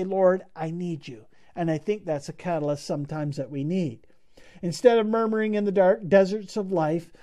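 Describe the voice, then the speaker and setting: A man's voice: sits high, dark tone. A man preaching a sermon in an earnest, emphatic way, repeating phrases for weight.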